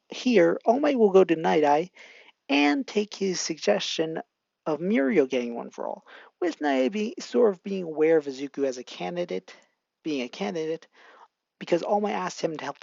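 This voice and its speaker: Casual fan narrator, gravelly, rambling restarts, dull dry home mic. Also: mid-range voice, lively intonation, moderate pace, darkish tone, no echo. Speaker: fan fiction storyteller. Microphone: home microphone.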